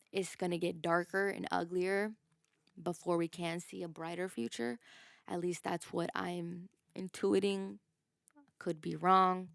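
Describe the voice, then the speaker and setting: Gravelly-voiced woman preaching casually. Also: on the low side, no echo, studio quality. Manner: preachy, emphatic, swears, laughs often. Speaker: podcast host. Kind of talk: casual spiritual monologue.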